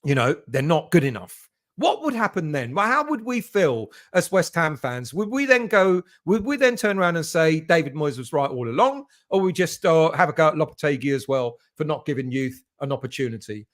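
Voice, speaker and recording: A man's voice: on the high side, big pitch swings, a little fast, hardly any pauses, a bit bright. A man from England hosting a casual live stream for football fans, rambling and greeting chat viewers by name. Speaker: fan channel host reading live chat.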